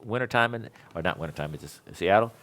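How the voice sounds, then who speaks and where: A man's voice: fairly low pitch, lively intonation, fast, a bit bright. A middle-aged man, an electrical instructor, telling an anecdote to a class and acting out both sides of the conversation. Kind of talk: storytelling anecdote in a lecture.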